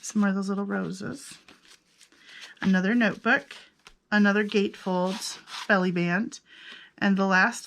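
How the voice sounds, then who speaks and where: Flipping through her handmade journals page by page, a woman chats casually, thinking aloud and amused at herself. Her gravelly, middle-pitched voice is unhurried and fairly even, with frequent pauses, and a faint hiss sits beneath the recording.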